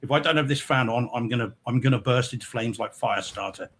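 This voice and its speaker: A man's voice: medium pitch, fast, a bit bright, a little hiss or hum. A man with an English accent co-hosting a podcast, chatty and easygoing in casual banter. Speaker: podcast co-host.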